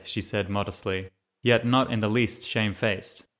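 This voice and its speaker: A man's voice: on the low side, steady tone, normal speed, a bit bright. A man narrating a memoir as an audiobook reader, reading steadily and lifting his voice for the quoted lines.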